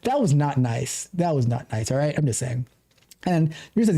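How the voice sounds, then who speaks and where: A man's voice: high voice, very animated, unhurried, pauses often, darkish tone. A middle-aged man hosting a casual tech livestream, talking passionately in a ranting way with many restarts. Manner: passionate, ranting, self-interrupting. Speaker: tech coach and livestream host.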